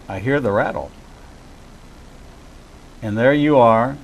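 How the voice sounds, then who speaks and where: A man's voice: mid-range voice, slow, creaky, highs cut off, slight background noise. A man who is a rabbi hosts an interview in a friendly, emphatic, conversational way.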